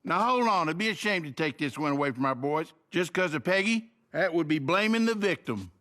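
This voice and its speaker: An actor voicing a fussy school board member in an animated sitcom, with a nasal edge. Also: male voice, fairly high pitch, fairly quick.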